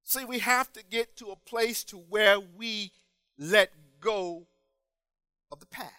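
A man preaching a sermon in a rhythmic style, building to loud, shouted emphasis and then dropping to quiet, drawn-out phrases. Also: sits high, clear, resonant tone, dry recording.

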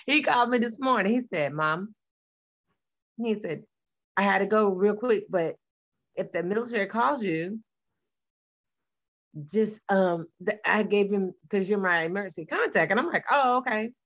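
A woman's voice: medium pitch, lively intonation, moderate pace, long pauses, fairly bright tone, highs cut off. A woman in her forties, a guest in a casual conversation, telling blunt, colloquial stories about her sons. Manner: sassy, blunt storyteller, colloquial.

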